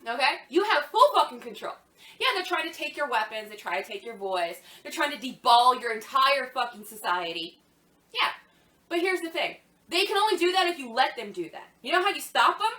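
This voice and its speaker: A woman with a very high, bright voice rants with heated, profane mockery. Her pitch swings widely as she talks. The sound is roomy and echoey. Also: sing-song, fairly quick. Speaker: podcast co-host. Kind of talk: ranting commentary.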